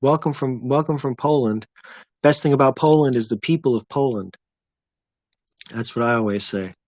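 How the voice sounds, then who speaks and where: Male streamer, mid-pitch, easygoing rambling chat, dry close sound. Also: moderate pace, no room sound. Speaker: livestream host. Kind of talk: casual livestream chat with viewers.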